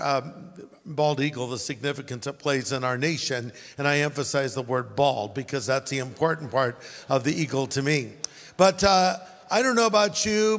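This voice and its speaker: A pastor with a slightly high voice preaches to his congregation, breaking into folksy jokes and quick asides to the crowd. His voice carries a long reverb from a big church auditorium. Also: a bit bright. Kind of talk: sermon.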